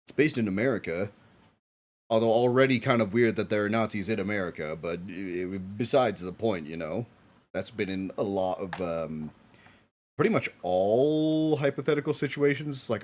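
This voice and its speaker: A man streaming a live watch-along, reacting excitedly with frequent laughs and casual swearing. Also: fairly low pitch, normal speed, a little hiss or hum.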